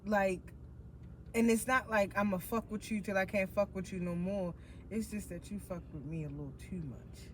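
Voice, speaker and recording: A woman hosting a casual podcast chat, blunt and profane, with animated storytelling. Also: medium pitch, normal speed, slight background noise. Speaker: podcast host.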